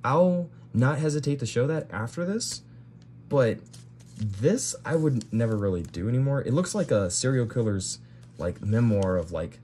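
A man's voice: mid-range voice, expressive, normal speed, warm tone. A young man leafing through an old sketchbook and commenting casually for his video, with bewildered reactions and fillers as he goes. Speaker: video creator.

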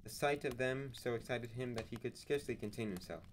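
A man narrating a novel aloud in a measured, deliberate reading on a livestream. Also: mid-range voice, a little hiss or hum, poor audio. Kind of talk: audiobook-style narration.

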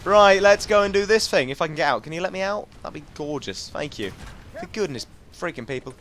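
In this casual let's-play, a young English gaming commentator chats and jokes with the enemies on screen. His voice runs on the high side, expressive and a little fast, with a slightly bright quality and faint hiss or hum in the recording.

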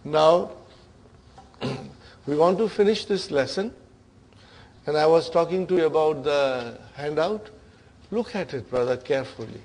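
Gravelly-voiced male Arabic grammar teacher. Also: on the high side, animated, a little slow, long pauses, darkish tone. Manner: checks understanding with frequent "huh?" and "okay?"; encouraging, addresses students as brothers and sisters. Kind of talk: classroom lecture.

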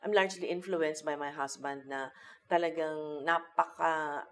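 A woman's voice: sits low, moderate pace. A woman comedian telling stories as an interview guest, switching between Tagalog and English. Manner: animated storytelling, mixes Tagalog and English. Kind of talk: casual chat.

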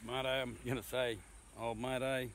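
A man with an Australian accent tasting beer outdoors with a mate, exclamatory, swearing and quick to laugh. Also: medium pitch, flat delivery, a bit bright. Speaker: co-host. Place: outdoors in the bush.

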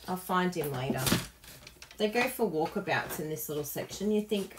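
A woman's voice: fairly low pitch, normal speed, a little hiss or hum. A woman hosting a live papercraft tutorial, chatty and self-mocking, laughing often and gushing over her work as she demonstrates.

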